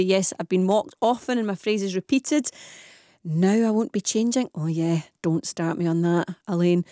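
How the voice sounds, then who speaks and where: A woman's voice: mid-range voice, warm tone, no room sound, clean studio sound. A woman hosting a live radio phone-in, chatty and firing questions at listeners.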